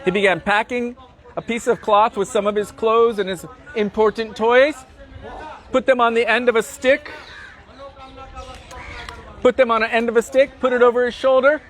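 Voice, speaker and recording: A man guiding a pilgrimage, telling devotional stories with dramatic, animated delivery at an outdoor riverside site. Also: extremely high pitch, normal speed, long pauses. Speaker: pilgrimage guide and storyteller. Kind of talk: devotional storytelling on a pilgrimage tour.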